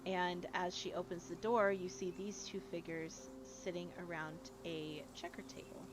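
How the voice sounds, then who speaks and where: A woman's voice: lowish voice, flat delivery, measured pace, heavy background noise. A woman narrating as game master of a tabletop game in a chatty, rambling way.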